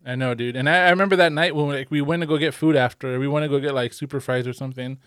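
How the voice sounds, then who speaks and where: A man's voice: mid-range voice, steady tone, racing, fairly bright tone, clear, resonant tone, no echo, studio quality. Laid-back young man telling a story. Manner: rambling, profane, laughs often. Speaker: podcast co-host. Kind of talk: casual storytelling chat.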